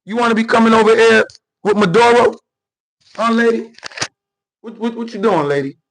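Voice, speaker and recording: A man with a high, lifted voice runs his own political commentary show. He talks off the cuff, circling back on the same phrases in slangy, combative bursts, as if arguing straight at the person on screen. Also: normal speed, a little hiss or hum, poor audio. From New York. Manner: animated, repetitive, slangy and confrontational.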